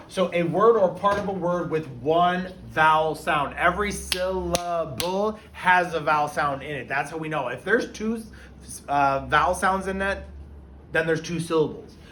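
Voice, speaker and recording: A male teacher giving a phonics lesson in an upbeat way, drawing out words so each syllable is clear. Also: fairly high pitch, a bit bright. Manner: upbeat, stretches out and stresses words. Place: classroom. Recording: roomy and distant with faint hiss.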